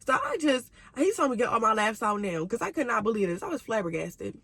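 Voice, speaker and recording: A young woman telling a casual storytime on her vlog, slangy and animated, her voice swinging between high and low. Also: quick pace, slightly rough, dry recording. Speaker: vlogger.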